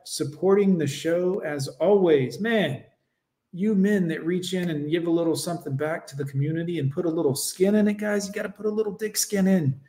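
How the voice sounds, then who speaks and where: A man's voice: sits high, dark tone. A male host doing livestream reaction commentary, mocking and sarcastic, with crude asides to his viewers.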